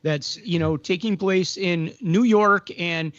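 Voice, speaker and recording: A man's voice: sits high, slow pace, a bit bright, dry recording. A man from the Chicago area co-hosting a DJ livestream, chatty and jokey, heard through a video call. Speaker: co-host of a DJ livestream. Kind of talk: casual chat. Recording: slightly dull, lo-fi call audio.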